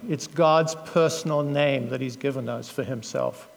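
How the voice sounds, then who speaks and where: A man's voice: medium pitch, moderate pace, creaky, big-room sound. A middle-aged British-born man giving a sermon, explaining scripture earnestly with fillers and self-corrections. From Britain. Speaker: preacher. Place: church.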